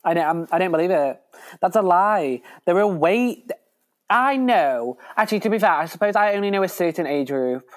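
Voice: medium pitch, animated, normal speed. A young podcast co-host from the UK bantering bluntly and sassily in casual chat. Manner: blunt, sassy, dismissive banter.

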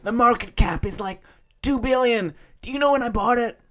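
A hyped young American dude, as a man puts him on, brags loudly in a mock American accent. The voice climbs far above the man's usual pitch and gets much louder. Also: normal speed. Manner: hyped, bragging.

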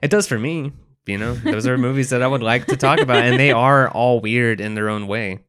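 A man co-hosting a podcast in casual chat, easygoing and quick to laugh. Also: medium pitch, fairly bright tone, clean tone. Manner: easygoing, laughs often, reads out quotes. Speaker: podcast co-host.

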